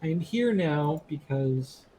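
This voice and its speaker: A man's voice: on the high side, animated, slow, mellow, a little hiss or hum, poor audio. A man playing a tabletop game, speaking in character in a hesitant, sheepish, stumbling way. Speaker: player. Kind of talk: in-character role-play.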